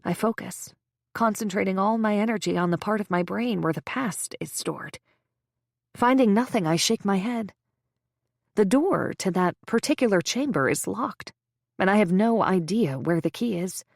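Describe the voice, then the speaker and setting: A woman narrating a first-person story in a measured, tense way. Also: medium pitch, creaky, dry recording, clean studio sound.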